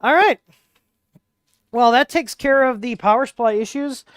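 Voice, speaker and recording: A man's voice: very high-pitched, normal speed, a bit bright, clear, resonant tone, no echo, studio quality. A man hosting a casual livestream, rambling with lots of fillers as he explains hardware while working on it, speaking into a wireless mic. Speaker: livestream host. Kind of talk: casual hands-on tech livestream.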